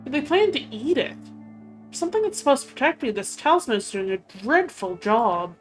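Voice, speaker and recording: A woman's voice: high-pitched, sing-song, brisk, faint music behind, voice pushed up. Woman reading as a flustered hot-tempered knight. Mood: grateful. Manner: reads quest dialogue aloud with lifted emphatic delivery.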